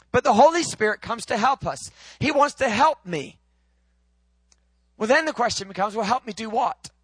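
A man preaching a sermon, swinging from loud, high proclaiming to low, quiet, intimate teaching. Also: dry recording.

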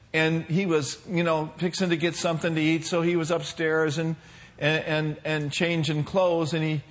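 Male pastor, higher voice, mid sermon, calls out to the room, casual fillers. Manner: preaching with call-and-response asides. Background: congregation responding.

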